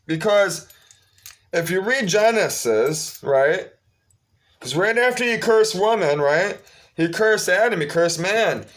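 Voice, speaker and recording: Slow, high-voiced man preaching a monologue. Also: lively intonation, fairly bright tone. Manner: preachy, repeats phrases for emphasis. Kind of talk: casual religious monologue.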